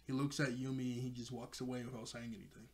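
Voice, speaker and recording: A man's voice: mid-range voice, little pitch movement, fast talker. A man casually recapping a cartoon episode, chatty and loose, laughing often and filling his talk with "like.". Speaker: show reviewer.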